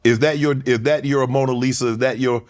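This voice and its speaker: A man's voice: mid-range voice, steady tone, brisk. A man hosting an interview, asking questions in a conversational way and backing them with short affirmations. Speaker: host.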